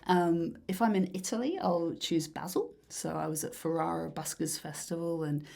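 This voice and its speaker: A low-pitched woman with a husky, gravelly voice speaks in a relaxed interview. She rambles dreamily, trailing off into soft, breathy asides and filling pauses. Her tone is casual and unhurried. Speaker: musician guest.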